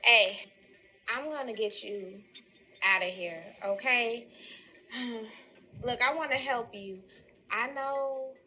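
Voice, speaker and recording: A soft-spoken young woman in a played-back film clip talks quietly and slowly, as if to calm someone. Her voice is high, bright and moves a lot in pitch. A faint hiss sits behind her in the clip's audio. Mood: reassuring.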